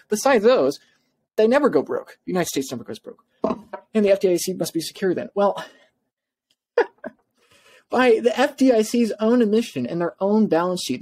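A man's voice: high-pitched, darkish tone. Passionate, insistent man on a podcast. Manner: restarts and stumbles in a rush of words. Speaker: podcast guest. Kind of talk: podcast interview talk.

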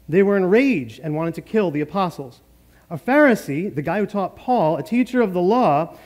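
A man's voice: fairly high pitch, darkish tone. A man preaching a sermon as pastor, in a joking, conversational way with frequent laughs.

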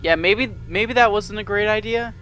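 A man's voice: high voice, normal speed, pushed and bright, faint music behind. A man giving nervous, jumpy let's-play commentary on a horror game he is playing. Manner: jumpy, nervous, swears mildly, yelps when startled.

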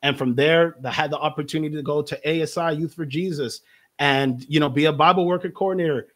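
A young man shares his faith testimony with real energy, his voice a little higher than most men's. He tells the story in a lively way and slips into the voices of the people he quotes. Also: fast. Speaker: pastor. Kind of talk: personal testimony in conversation.

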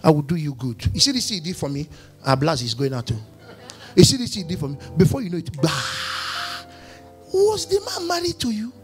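High, lively pastor preaching. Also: male voice, a little fast, faint music behind. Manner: animated preaching, firing questions, acting out dialogues. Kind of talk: sermon. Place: church.

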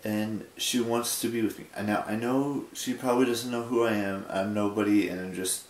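A man's voice: on the low side, steady tone. Sleepy rambling young man, echoey room. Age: 20s. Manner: rambling, halting, with many restarts. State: sleepy, yawning. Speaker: vlogger. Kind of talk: casual late-night vlog monologue.

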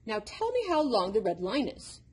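A woman's voice: a little high, wildly swooping pitch, moderate pace, a little mellow, husky, exaggerated voice. A woman voicing an impish, impatient male number devil who lectures like a know-it-all, in a storybook reading. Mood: lecturing.

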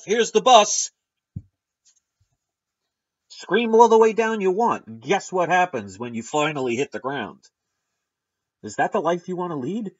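A man's voice: high-pitched, breathy edge, lo-fi sound. A man hosting his own opinion vlog, delivering an emphatic, sarcastic rant to his viewers. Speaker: channel host.

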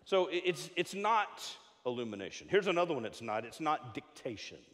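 A middle-aged man preaching from the pulpit, his voice leaping up and down in pitch as he jokes and trips over restarts. His voice sits a bit high for a man. A long reverb hangs after each phrase in the church sanctuary. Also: fairly quick. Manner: animated, jokey preaching with frequent stammered restarts. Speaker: pastor. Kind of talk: sermon.

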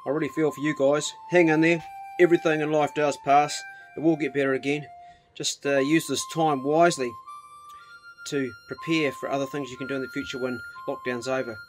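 Casting note: New man, fairly high-pitched, casual farm vlogger who chats to his animals, faint music underneath. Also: little pitch movement, a little fast. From New Zealand. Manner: talks to his dogs and ducks in a coaxing, commanding way. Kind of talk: casual outdoor vlog.

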